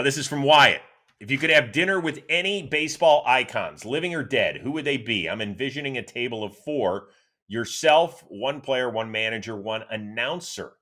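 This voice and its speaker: Lively middle-aged man hosting a baseball podcast. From Cleveland, Ohio, USA. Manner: animated, chatty storyteller with lively swings in pitch. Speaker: host. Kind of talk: solo sports podcast answering listener questions.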